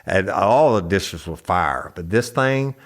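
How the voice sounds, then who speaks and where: A man's voice: low voice, animated, slow. Folksy man reading an ad. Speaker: host reading an ad. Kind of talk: casual ad read.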